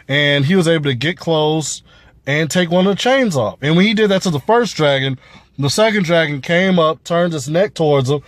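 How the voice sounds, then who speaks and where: A man's voice: a little high, no echo. A man giving a casual, profane review of a TV episode, rambling with lots of fillers. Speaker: show reviewer.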